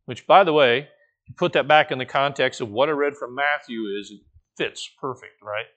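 A man delivers a Bible-study sermon in an informal, conversational way. He keeps it animated, mixing in playful asides and light laughter. His voice sits at an ordinary middle pitch. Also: normal speed. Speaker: pastor teaching a Bible study.

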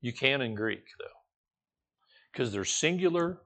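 Man, pastor, conversational sermon, informal, animated, playful asides, mid-range voice. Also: mid-range voice, unhurried, gravelly. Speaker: pastor teaching a Bible study.

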